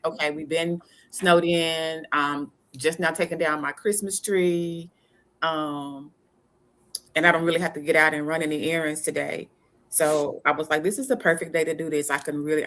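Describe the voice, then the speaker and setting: A woman joining a group call, chatting excitedly about her story with many hesitant fillers. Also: low-pitched. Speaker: participant sharing a story. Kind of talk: casual chat.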